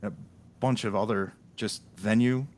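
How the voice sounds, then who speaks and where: Animated storytelling podcast host, a man. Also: on the low side, unhurried. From Delaware, US Northeast. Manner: animated storyteller, laughs often, many restarts. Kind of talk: casual podcast chat.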